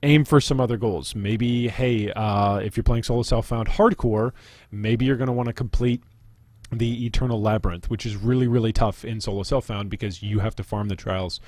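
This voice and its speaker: A man's voice: lowish voice, steady tone, normal speed, darkish tone, no echo. A young man giving casual, upbeat gameplay commentary to viewers, chatty and explanatory as he walks through advice. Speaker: gaming video creator.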